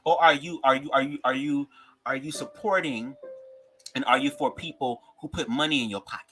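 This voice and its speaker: A man's voice: medium pitch, brisk, pushed and bright, faint music behind, poor audio. A man from Detroit with a Detroit accent, giving opinionated commentary in a sassy, emphatic way and swearing freely. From Detroit, USA. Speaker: commentary vlogger.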